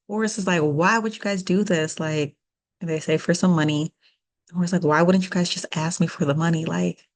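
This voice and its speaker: A young woman co-hosting a podcast, casually recapping a show and acting out bits of dialogue with lots of "like". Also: fairly low pitch. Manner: retells scenes with quick quoted voices, lots of "like". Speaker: podcast co-host.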